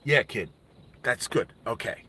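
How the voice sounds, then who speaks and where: A man voicing a secretive, gruff stranger who speaks low and hushed. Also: lively intonation, measured pace, full character voice. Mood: warning.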